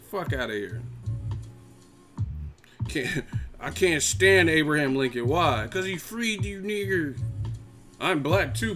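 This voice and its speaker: Cast a male boxing stream host, heated and profane, faint music behind. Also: fairly high pitch. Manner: profane, heated, laughing mid-sentence. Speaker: host of a boxing live chat. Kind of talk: live stream rant.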